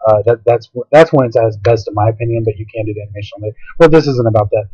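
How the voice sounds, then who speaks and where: Guy rambling thru a software tutorial, lots of uhs, dry muffled laptop mic. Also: on the low side, racing, husky, dry recording. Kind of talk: casual tutorial talk. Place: home, by a window.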